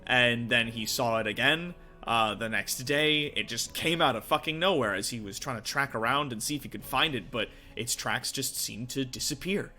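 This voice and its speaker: A man's voice: medium pitch, normal speed, hardly any pauses, bright, forceful tone, faint music behind. A man narrating a tabletop game as game master, in loose, vivid improvised narration.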